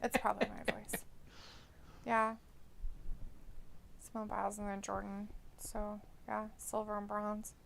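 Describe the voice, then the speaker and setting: A woman hosting a casual live watch-along stream, chatty and quick to react out loud, often asking questions. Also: medium pitch, monotone, gravelly, a little hiss or hum. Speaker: stream host.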